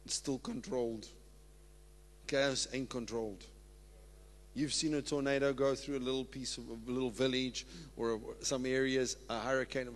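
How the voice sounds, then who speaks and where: A man preaching a sermon as pastor, moving from steady scripture reading to whoops and laughter. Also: medium pitch, moderate pace. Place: church sanctuary. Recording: long church-hall reverb.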